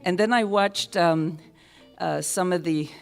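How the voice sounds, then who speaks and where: A tired woman singer-songwriter chatting between songs at a live concert, rambling and halting with many filler pauses and wry self-mocking humor. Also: fairly low pitch, creaky, clean tone. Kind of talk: stage banter between songs. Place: live concert stage in a hall. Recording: live concert hall reverb with band music.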